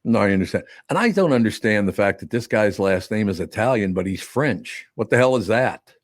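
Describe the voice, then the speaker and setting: An older man with a lowish voice hosts a studio radio chat, talking bluntly and breaking into laughter often. The sound is dry and close on the microphone. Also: expressive, a little fast, no room sound. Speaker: radio show host. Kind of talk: casual studio banter.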